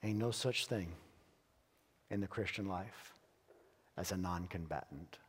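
A pastor preaching a sermon in a church, telling stories earnestly and emphatically with dramatic pauses. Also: male voice, low-pitched, slightly rough. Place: church sanctuary. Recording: long church hall reverb.

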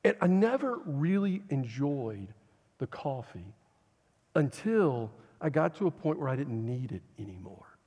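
A man's voice: mid-range voice, measured pace. Man preaching in a reverberant church. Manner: conversational, animated storytelling with humor. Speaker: pastor. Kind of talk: sermon.

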